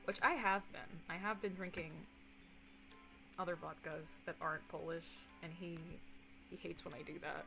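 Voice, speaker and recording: A woman's voice: on the low side, normal speed, creaky, over music, poor audio. Chatty young woman, laughing and swearing. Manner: rambling, animated, swears casually, laughs often, mimics others in excited bursts. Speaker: streamer. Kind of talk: casual chat.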